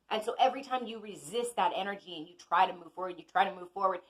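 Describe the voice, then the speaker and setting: A woman's voice: mid-range voice, fast talker, poor audio. A woman giving a casual teaching talk as an intuitive healer and astrology teacher. She is chatty and conversational and speaks straight to her viewers.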